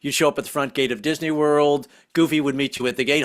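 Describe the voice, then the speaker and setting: Guy in his 60s cracking jokes on a zoom call, kinda high voice. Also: fairly even intonation, fast talker, few pauses. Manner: jokey, slips into silly put-on voices. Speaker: stand-up comic. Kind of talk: stand-up comedy set over video call. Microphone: video call.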